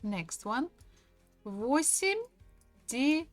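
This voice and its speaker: A woman gives a patient online language lesson. She talks very slowly and repeats each word for practice. Her pitch moves up and down a lot. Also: very animated, no echo, soft background music. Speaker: Russian language teacher.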